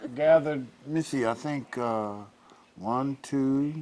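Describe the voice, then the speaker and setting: A man's voice: mid-range voice, slow, darkish tone. A man hosting a talk show, playful and teasing, laughing as he talks. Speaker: host.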